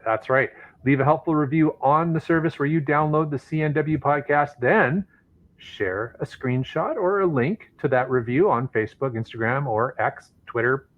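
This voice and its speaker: Male podcast co-host, mid pitch, playful banter with mock-hype reads, slightly muffled audio. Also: fairly bright tone. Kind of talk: casual podcast chat.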